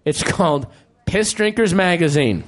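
A man's voice: high-pitched, expressive, measured pace, a little hiss or hum. A man doing stand-up comedy, profane and emphatic, drawing out his punchlines. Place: comedy club stage with audience laughing.

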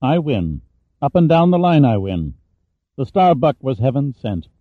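Guy reading a smug sneery villain, cool and measured, audiobook, kinda muffled lo-fi. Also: medium pitch, sing-song, no echo. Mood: contemptuous. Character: cold scheming male villain, middle-aged, contemptuous.

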